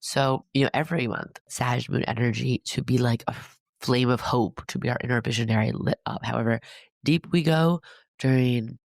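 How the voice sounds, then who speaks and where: A man's voice: medium pitch, steady tone, moderate pace, no room sound, clean studio sound. A man hosting an astrology podcast, talking through a weekly forecast in a chatty, upbeat, encouraging way full of fillers. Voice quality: gravelly vocal fry. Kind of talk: casual spoken forecast monologue.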